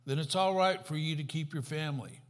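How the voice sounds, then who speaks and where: A man's voice: fairly high pitch, a little fast, natural voice. A man voicing a firm male priest who gives instructions at confession in a joke. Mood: stern.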